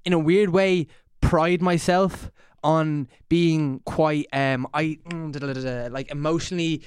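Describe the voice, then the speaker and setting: Male podcast host, musing and hesitant, somewhat high voice. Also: steady tone, measured pace, smooth, no echo, studio quality. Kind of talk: casual chat.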